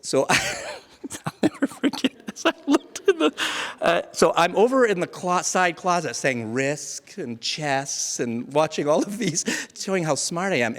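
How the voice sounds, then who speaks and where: A man, around his thirties, telling a personal story live to an audience, animated and often laughing at himself. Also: fairly high pitch. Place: museum event space before a live audience. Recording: long hall reverb.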